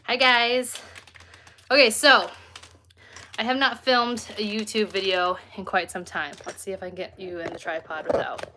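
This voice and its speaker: A woman's voice: medium pitch, fairly even intonation, moderate pace, noisy background. A woman chatting casually and candidly to her viewers at home, filming herself on a phone set on a tripod. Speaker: lifestyle vlogger. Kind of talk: casual chat to camera.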